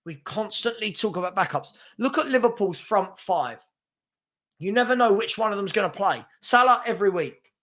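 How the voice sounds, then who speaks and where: A man hosts a live football stream in a casual, chatty way. His voice sits a bit higher than most men's. He trips over words with fillers and stammered restarts, and he snaps back sharply at rude commenters. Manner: chatty and animated, quick to call out rude commenters. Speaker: host of a daily football chat stream.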